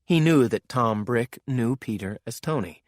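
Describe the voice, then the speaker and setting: A man narrates a thriller audiobook in a steady, measured way. His voice sits at a middling pitch. The close studio sound is dry, with no room echo.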